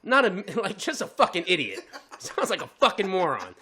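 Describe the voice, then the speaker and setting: A man's voice: high-pitched, normal speed. A man co-hosting a podcast, telling a long story in casual chat, swearing often and acting out the other people's voices. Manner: profane, animated, acts out voices in his story. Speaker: podcast co-host.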